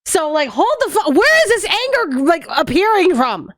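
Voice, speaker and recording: A woman streamer giving casual, foul-mouthed commentary while playing a game, animated and arguing with the characters. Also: very high voice, normal speed. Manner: animated, profane, argues with the characters.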